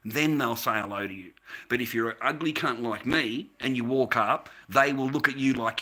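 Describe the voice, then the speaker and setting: A man's voice: medium pitch, moderate pace, pushed and bright. Blunt, profane man in his fifties. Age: 50s. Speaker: livestream host. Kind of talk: casual livestream rant.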